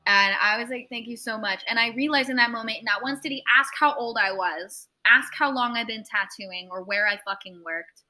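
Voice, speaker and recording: A young woman, a tattoo artist, telling a long anecdote in a casual interview, animated, swearing freely and acting out other people's voices. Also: a little high, moderate pace, hardly any pauses.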